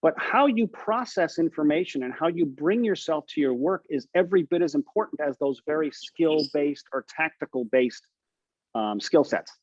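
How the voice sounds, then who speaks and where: A man's voice: on the high side, animated, moderate pace, dry recording. Encouraging male coach on a group call, medium voice, dull and dry sound. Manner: encouraging, asks the group questions. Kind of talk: coaching session talk.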